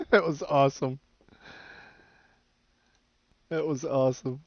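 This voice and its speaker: A man's voice: mid-range voice, fairly even intonation, moderate pace, no room sound, highs cut off. A man hosting a live show, reacting to clips and callers with wry interjections.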